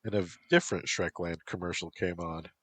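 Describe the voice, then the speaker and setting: Low-voiced guy narrating as a man doing a wry college girl, slow and dry. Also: steady tone, fairly bright tone, no echo. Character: college woman narrator, wry horror fan. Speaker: story reader. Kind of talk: scripted first-person narration.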